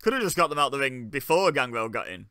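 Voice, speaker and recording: A man's voice: mid-range voice, very animated, fast, sharp tone, dry recording, clean studio sound. A young man giving wry, joking commentary while watching along, often laughing. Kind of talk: casual live commentary.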